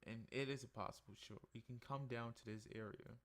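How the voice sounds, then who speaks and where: A forex trading analyst, a tired man with a medium-pitched, fairly quick voice, goes over his trading charts in a casual weekly screen-share review. He's sleepy and yawns between points, keeping things relaxed and conversational.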